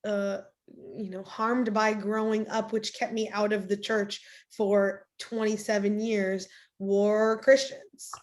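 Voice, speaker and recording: A woman pastor talking casually as a podcast guest, animated and rambling, often restarting her sentences. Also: mid-range voice, takes it slowly. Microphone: video call.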